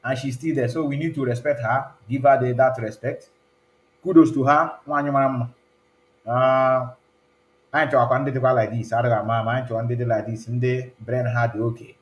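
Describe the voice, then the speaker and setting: Male stream host, chatty code-switcher, mid pitch, echoey room. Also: steady tone, fairly quick, lo-fi sound. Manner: chatty, mixes English with Igbo and pidgin. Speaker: online show host. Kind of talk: casual live-stream talk. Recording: roomy echo.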